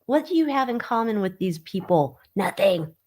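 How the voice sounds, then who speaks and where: A woman hosting a casual livestream, mocking and gossipy, with loud exclamations, talking into her webcam. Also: medium pitch, big pitch swings, normal speed. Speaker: livestream host reading tarot on tabloid stories.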